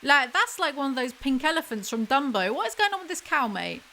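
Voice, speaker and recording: A woman reading a picture book aloud as ASMR commentary, with mocking, deadpan asides. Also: sits high, a little fast, low-quality recording.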